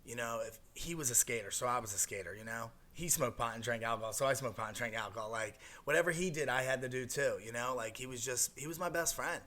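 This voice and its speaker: A man's voice: mid-range voice, quick pace, hardly any pauses, sharp tone. A young adult man telling his recovery story in an interview, rambling with many fillers and restarts. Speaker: guest sharing a recovery story. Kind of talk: emotional personal testimony.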